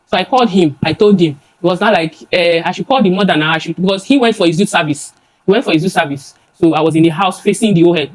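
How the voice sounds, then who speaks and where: A young woman with a Nigerian accent giving emotional testimony before a judge, rushing and halting with many restarts and repeated words. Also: lowish voice, low-quality recording.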